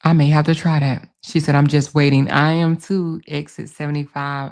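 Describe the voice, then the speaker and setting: Gravelly-voiced woman hosting a livestream. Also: sits low, level tone, normal speed, hardly any pauses, a little mellow. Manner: emphatic, repeats phrases, calls viewers baby and honey. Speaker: livestream host. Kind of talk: casual livestream commentary reading chat.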